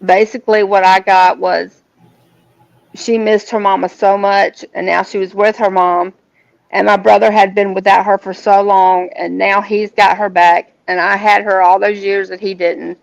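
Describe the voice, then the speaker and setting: A woman, a guest telling a personal story in an earnest, halting way, often restarting her sentences. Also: medium pitch, little pitch movement, creaky. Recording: dull lo-fi sound.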